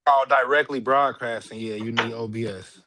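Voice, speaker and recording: A man's voice: mid-range voice, fairly even intonation, normal speed, pushed and bright, dry recording. A man on a casual livestream panel, easygoing and agreeable but holding his view.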